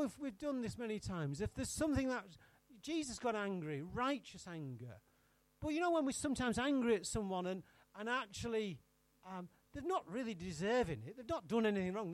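Preacher man, high voice, animated, dry close sound, quizzes the congregation. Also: a little fast, few pauses, no room sound. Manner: teasing the congregation by name, asking questions. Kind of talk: interactive sermon.

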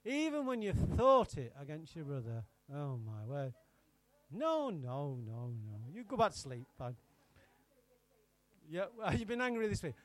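High, lively preacher man. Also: a little slow. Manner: teasing the congregation by name, asking questions. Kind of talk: interactive sermon.

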